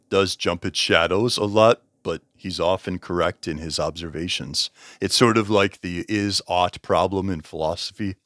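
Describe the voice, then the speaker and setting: A man's voice: low voice, fairly bright tone, dry recording, clean studio sound. A man casually reviewing a book, rambling, correcting himself and chuckling as he talks. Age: over 20.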